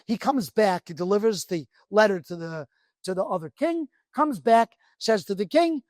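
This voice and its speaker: Animated man telling a teaching parable. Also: sits high, normal speed, no room sound. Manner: animated storyteller, emphatic and conversational. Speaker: rabbi teaching. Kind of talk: storytelling Torah class.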